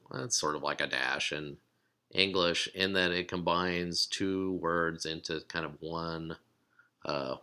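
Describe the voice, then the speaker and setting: A man giving a recorded lesson, explaining steps calmly and sounding out words slowly. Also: low-pitched, clear, resonant tone. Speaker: teacher.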